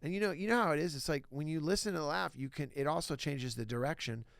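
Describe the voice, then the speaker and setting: A middle-aged man, a stand-up comedian, telling lively anecdotes in a casual interview and acting out other people's lines. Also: a little high, fast, vocal fry, no room sound.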